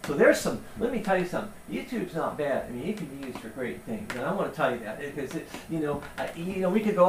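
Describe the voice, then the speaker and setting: A man preaching a sermon in a conversational, animated storytelling way. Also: on the high side, fast, few pauses, slight background noise. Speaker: pastor. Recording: roomy sound from a distance.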